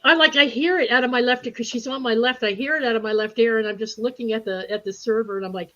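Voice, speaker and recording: Woman, animated storyteller, laughs a lot, higher voice, dull lo-fi sound. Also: fairly quick. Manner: animated, laughs often, acts out voices in stories. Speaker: spiritual group speaker. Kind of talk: casual storytelling in a group chat. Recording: dull lo-fi livestream audio.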